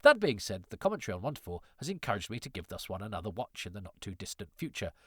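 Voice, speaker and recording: Male podcast host, lowish voice, wry and rambling, dry close mic. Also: very animated, fast talker, sharp tone, breathy edge, dry recording. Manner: chatty, self-interrupting, wry. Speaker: podcast host reading listener letters. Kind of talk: casual chat.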